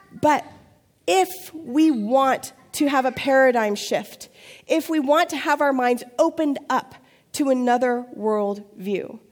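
A woman pastor, preaching a sermon with lively storytelling, playful asides and acted-out voices. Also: high voice.

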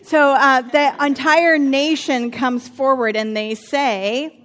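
A woman's voice: on the high side, normal speed, hardly any pauses, a bit bright. A woman in her thirties teaching from the Bible in a chatty, humorous way, with personal asides.

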